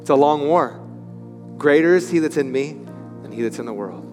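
High-voiced pastor preaching in a hall. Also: male voice, normal speed. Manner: animated preaching, swinging from loud to hushed. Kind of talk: sermon. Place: church sanctuary. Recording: echoey hall with music.

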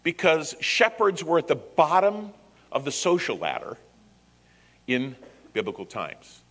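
Animated preacher man in an echoey hall. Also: fairly high pitch. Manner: animated storytelling with paraphrased dialogue. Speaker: pastor. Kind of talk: sermon.

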